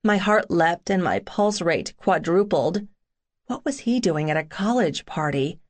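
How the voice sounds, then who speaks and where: A woman's voice: lowish voice, expressive, slow pace, a little mellow. A woman narrating a first-person romance audiobook in a sassy, wry tone.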